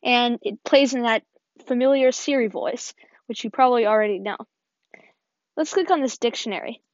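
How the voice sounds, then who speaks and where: A woman's voice: fairly high pitch, normal speed, dry recording. Woman on a dull, dry tutorial voice-over. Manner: step-by-step, upbeat, often says "perfect". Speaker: tutorial host. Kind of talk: screen-recording app tutorial voice-over.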